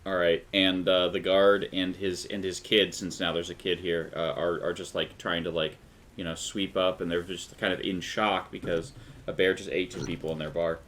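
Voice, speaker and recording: A man with a very low voice running a tabletop game for his players. He narrates loosely, full of fillers and restarts, and breaks into laughs often. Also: flat delivery, normal speed, fairly bright tone, slight background noise. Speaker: game master.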